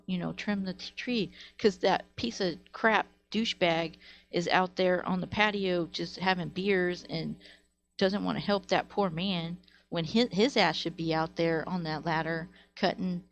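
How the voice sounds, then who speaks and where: A woman's voice: medium pitch, gravelly. A woman in her thirties, a live streamer, chatting casually and venting through a long story with lots of fillers. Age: 30s.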